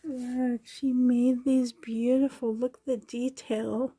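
Husky, high-voiced woman gushing. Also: slow pace, hardly any pauses. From Canada. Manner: gushing, excited exclamations, soft whispers. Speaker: doll collector vlogger. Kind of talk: unboxing vlog. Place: bedroom at home.

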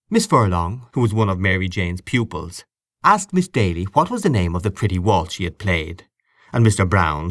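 A man narrating a literary audiobook in a measured, expressive way. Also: sits low, no room sound, studio quality. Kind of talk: audiobook reading of literary fiction.

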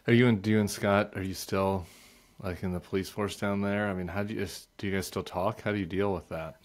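A man's voice: fairly low pitch, fairly even intonation, brisk. A man hosting an interview who asks short, sympathetic questions. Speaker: host. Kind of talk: interview conversation.

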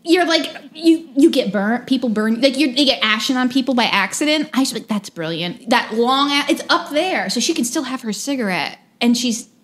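A woman's voice: high voice, lively intonation, brisk, hardly any pauses, fairly bright tone. A woman in her thirties from the United States, co-hosting a podcast in casual, rambling chat and often laughing. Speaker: podcast co-host.

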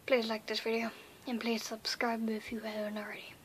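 A woman vlogging casually to camera, hyper and playful, swinging between loud pleas and whispers. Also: a little high, completely flat delivery, fairly quick, a little hiss or hum.

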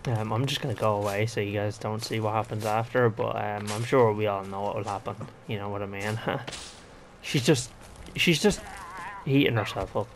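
A man's voice: lowish voice, steady tone, normal speed, a little hiss or hum. Young man rambling over gameplay. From Ireland. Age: 20s. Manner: rambling, exclaiming, talks to himself. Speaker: gaming vlogger. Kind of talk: casual gameplay commentary.

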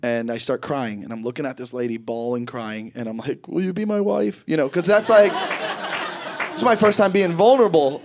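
A man performing a stand-up comedy set, telling stories animatedly and swearing freely, his voice jumping high and loud when he acts panicked. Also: moderate pace, crowd noise, noisy background. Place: stage in front of a live audience. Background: audience laughter.

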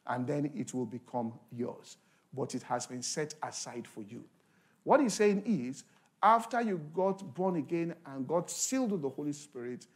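A male pastor preaching a sermon at a conference, animated, acting out little scenes and asking the congregation questions. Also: medium pitch. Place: conference hall.

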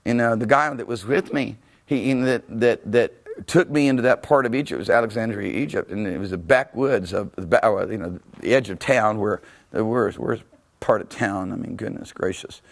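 A man, a pastor, preaching a teaching sermon with animated storytelling, laughing often and breaking into shouts. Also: on the low side, moderate pace, vocal fry.

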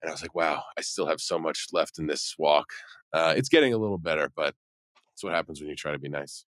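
A man with a very deep voice tells a rambling story and acts out what people said along the way. He speaks close to the mic in a dry space, in the manner of a podcast regular. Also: fast talker, fairly bright tone, no echo. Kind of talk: casual anecdote telling.

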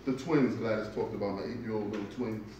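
A man doing a stand-up comedy set in a club, telling stories with deliberate delivery and punchy asides. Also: lowish voice, fairly even intonation, dark tone, dull audio, a little hiss or hum. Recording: echoey club from far off.

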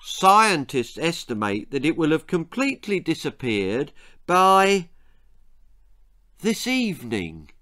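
A man's voice: fairly high pitch, sing-song, slow pace, sharp tone, no echo, clean studio sound, heavily acted. A man voicing a mild but probing middle-aged father.

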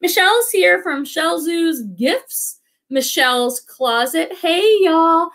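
A woman's voice: extremely high pitch, animated, takes it slowly, a bit bright. A woman hosting a live reselling stream in a bubbly, enthusiastic chat, a little out of breath. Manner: bubbly, enthusiastic, addresses viewers as friends. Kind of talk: chatty livestream hosting.

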